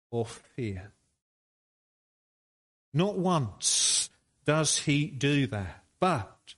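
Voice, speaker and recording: Male preacher, unhurried sermon delivery, slightly raised pitch. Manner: slow, deliberate preaching with rising emphatic peaks.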